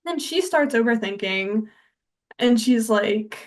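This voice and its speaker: This young adult woman speaks slowly but animatedly, her pitch fairly high. On her co-hosted podcast she casually retells a movie, leaning on "like" and voicing the quotes herself.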